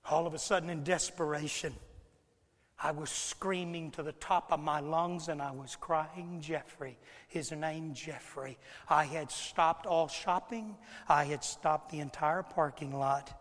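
A man preaching a sermon as a pastor, swinging from hushed, halting speech to shouting with repeated words. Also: on the high side, fairly even intonation, in a large hall. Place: church hall.

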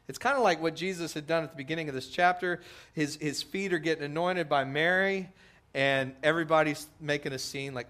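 A middle-aged man preaching a sermon as a pastor, animated, acting out quotes with big swings in pitch and loudness. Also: a little fast.

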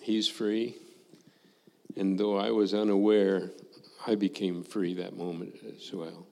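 Older man, former missionary, lowish voice, unhurried reflective testimony, echoey hall. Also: level tone, gravelly, darkish tone. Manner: slow, reflective storytelling with quoted dialogue. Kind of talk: personal testimony to a congregation.

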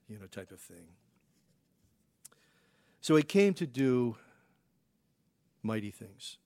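A male pastor delivering a relaxed, conversational sermon at a mid pitch. He speaks in a folksy way, filling his talk with rhetorical questions and chuckling between points. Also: slow, long pauses. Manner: folksy, rhetorical questions, frequent "you know" fillers.

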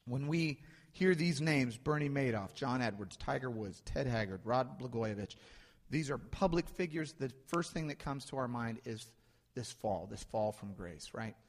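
A man's voice: mid-range voice, lively intonation, normal speed. Guy preaching a sermon, chatty, keeps repeating lines for punch, big echoey church sound. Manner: conversational, builds emphasis through repetition. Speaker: pastor. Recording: long hall reverb.

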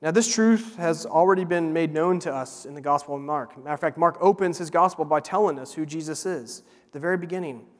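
Earnest male preacher in a reverberant hall. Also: a little high. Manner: earnest preaching with slow emphatic repeats. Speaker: pastor. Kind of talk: sermon.

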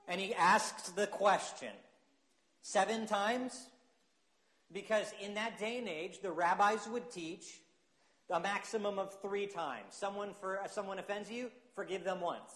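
A male pastor, preaching a sermon and reading scripture in an earnest, unhurried way, with hesitant fillers. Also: high voice, fairly bright tone. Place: church sanctuary. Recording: echoey church sanctuary.

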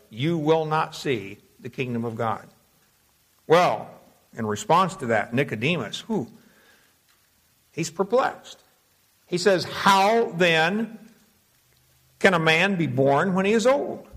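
A man preaching a verse-by-verse sermon, reading scripture aloud and slowing down to dwell on key words. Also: on the high side, fairly bright tone. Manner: measured teaching, slows to dwell on key words; reads scripture aloud in King James wording. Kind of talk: expository sermon.

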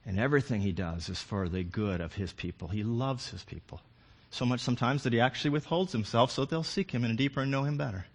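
An older man preaching a sermon with passion, moving from hushed reflection to loud pleading. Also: mid-range voice, fast, slightly rough. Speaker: pastor.

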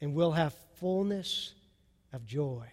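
A male pastor preaching a sermon with passion, dropping soft and then rising to loud. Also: on the high side, animated, slow, big-room sound.

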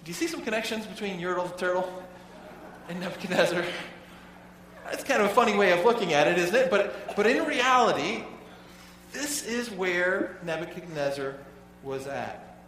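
A male pastor preaching a sermon to his congregation in a casual, halting way, often repeating words as he goes. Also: sits high, animated, fairly bright tone. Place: church sanctuary. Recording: echoey hall, voice from far off.

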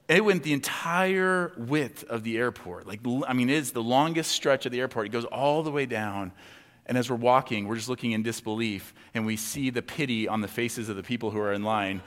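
Pastor type, loose conversational storyteller, mid-pitched man, preaching in a big echoing room. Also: fairly quick. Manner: conversational storytelling, many fillers, acts out quotes. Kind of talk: sermon with personal story. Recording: long hall reverb.

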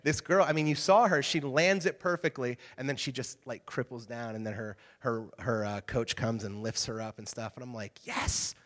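A man in his thirties speaking to a live group, telling stories in an energetic, animated way with asides to the crowd. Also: mid-range voice, moderate pace, hardly any pauses. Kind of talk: energetic talk to an audience. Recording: reverberant hall.

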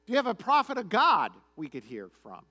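A man's voice: high voice, wildly swooping pitch, brisk, bright, forceful tone, pitched above the performer's own voice, exaggerated voice. A man preaching, voicing a pious, polite king who asks questions hesitantly.

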